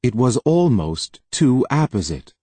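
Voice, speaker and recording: Brief: male audiobook narrator, measured and even, dry close recording. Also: mid-range voice, breathy edge, dry recording.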